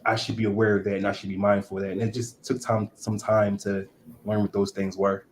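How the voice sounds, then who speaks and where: A man reflecting in a casual chat, hesitant and measured, in a flat delivery. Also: on the low side. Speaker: guest husband. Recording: echoey room with faint noise.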